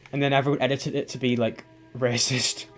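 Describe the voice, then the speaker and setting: A man's voice: mid-range voice, a little hiss or hum. A man from England, chatting casually on a game stream, rambling, swearing offhandedly and restarting his sentences. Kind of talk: casual gaming stream chat.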